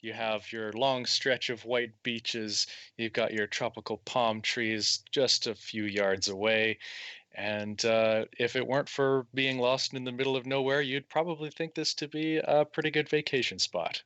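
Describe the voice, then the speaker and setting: A man's voice: medium pitch, fairly even intonation, measured pace, a bit bright, dry recording, dull audio. A man narrating as game master of a tabletop game in an easygoing, descriptive way.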